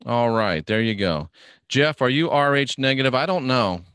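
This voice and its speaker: A man's voice: medium pitch, lively intonation, normal speed, a bit bright, clean tone, dry recording, studio quality. A middle-aged man hosting a casual live stream, reading viewer questions and rambling in an offhand, joking way. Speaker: livestream host reading viewer comments.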